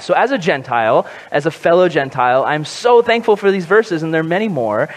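A man's voice: a little high, moderate pace, hardly any pauses. Preaching man in an echoing hall. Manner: conversational, animated, humorous. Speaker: pastor. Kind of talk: sermon. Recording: long hall reverb.

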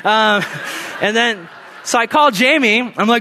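A young man preaching a casual sermon, telling stories in an animated, conversational way with slangy asides. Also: high voice, a little slow.

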